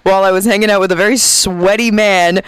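A young woman guesting on a campus radio show in a studio, talking in a wry, deadpan way. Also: medium pitch, poor audio. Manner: wry, deadpan, quick jokes. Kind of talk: casual chat on campus radio.

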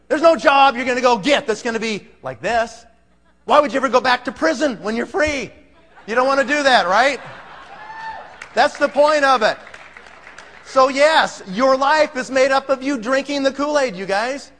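A man's voice: extremely high pitch, fairly bright tone. A man giving an emphatic, pumped-up motivational talk to a live audience, firing off rhetorical questions. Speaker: motivational speaker. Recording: long hall reverb.

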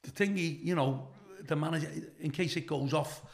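A middle-aged British comedian, appearing as a guest, tells a profane anecdote and acts out the people in it. His voice sits on the high side and sounds gravelly, moving at a moderate pace. He's animated throughout, playing each character in the story.

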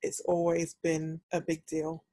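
A woman's voice: deep voice, monotone, a little slow, dark tone, dry recording. A young British woman chatting casually on a podcast and telling a story animatedly, acting out the voices she quotes. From United Kingdom. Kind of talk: casual chat.

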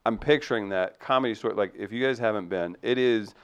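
Podcast host, man, low smooth voice, easygoing and affirming. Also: fairly quick, dull audio. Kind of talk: casual podcast chat.

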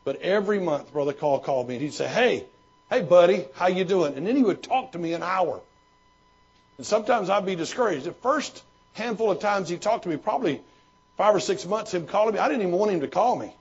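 Pastor type, male, slightly high gravelly voice, husky, homespun rambling delivery, dull recording. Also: lively intonation, fast. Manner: folksy storytelling with frequent restarts. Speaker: pastor and former missionary. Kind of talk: question-and-answer talk.

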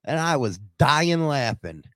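A man's voice: fairly high pitch, big pitch swings, a little slow, fairly bright tone, no room sound. A man hosting a shock-jock radio show, brash and provocative, joking through banter with his co-host.

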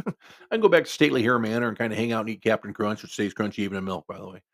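A man's voice: on the low side, animated, racing, gravelly. A man telling a story in a casual, rambling way, full of restarts and asides.

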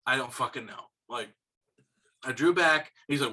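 A young man co-hosts a podcast, telling hunting stories in loose, casual chat. His voice is bright and forceful, he swears freely, and he gets animated when he quotes other people. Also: medium pitch, moderate pace. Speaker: podcast co-host.

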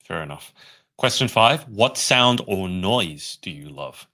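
Bright-voiced male podcast host. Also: low-pitched, lively intonation. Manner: friendly, measured host asking questions. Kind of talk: interview hosting.

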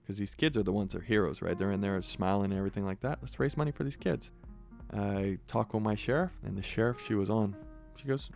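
A man's voice: lowish voice, fast talker, gravelly, soft background music. A man from San Jose, a sheriff's sergeant, telling stories earnestly in an interview and acting out what people said. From San Jose, California. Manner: earnest, animated storyteller acting out quotes. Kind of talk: conversational interview storytelling.

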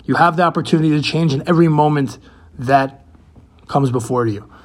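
A man's voice: fairly high pitch, fairly quick. A man giving an earnest talk on the weekly Torah portion, asking rhetorical questions and mixing in Hebrew terms. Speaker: Torah teacher.

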